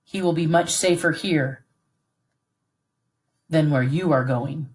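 A woman reading aloud who voices a stern, composed middle-aged army colonel in a calm, formal, measured way. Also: low-pitched. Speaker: read-aloud narrator voicing a character.

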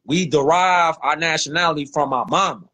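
A man hosting a livestream on his phone, talking in a slangy, animated way and repeating lines for emphasis. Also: a little high, normal speed, slight background noise. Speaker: livestream host. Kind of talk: casual livestream rant.

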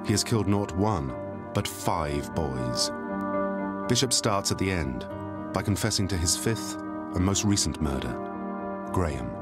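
A man narrating a documentary from a script in a measured, grave way. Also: low voice, expressive, over loud music. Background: loud documentary score.

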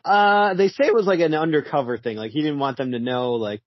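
A man with a slightly husky voice chimes in with wry remarks and frequent laughs. He talks in a relaxed, conversational way. His voice comes through muffled and dry. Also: on the high side, brisk, no echo. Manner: wry, laughs often, short agreeing replies. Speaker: podcast co-host. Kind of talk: casual comic book discussion.

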